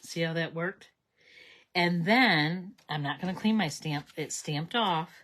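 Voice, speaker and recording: A woman streams herself making cards live, chatting and talking through each step at her crafting table. Her voice sits on the low side with a slightly bright quality, and she speaks a little slowly.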